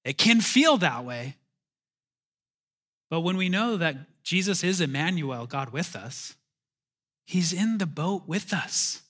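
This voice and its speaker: High, bright-voiced conversational preacher man. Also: husky. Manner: conversational, animated, self-interrupting, chuckling asides. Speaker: pastor. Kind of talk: sermon.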